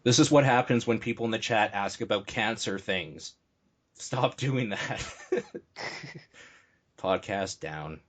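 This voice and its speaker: A man's voice: fairly low pitch, unhurried, fairly bright tone. A man hosting a casual podcast, blunt and joking, swearing freely. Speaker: podcast host.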